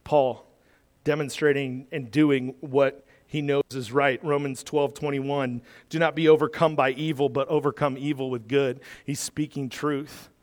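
A man preaching a sermon in an animated way, acting out the voices in the scripture he quotes. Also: mid-range voice, a little slow, big-room sound. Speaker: pastor.

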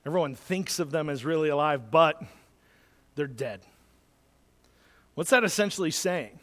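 High-voiced pastor preaching in a reverberant hall. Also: male voice, animated, measured pace, fairly bright tone. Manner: conversational preaching, rising to urgent exhortation. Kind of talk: sermon.

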